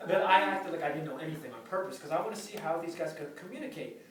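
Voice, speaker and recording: Guy telling a funny story to a crowd, high lively voice, far off mic in an echoey room, loud laughs. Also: fast, a little hiss or hum. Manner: animated, acts out quotes in funny voices. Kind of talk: live comic storytelling. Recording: distant mic, roomy echo, loud crowd. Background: audience laughter.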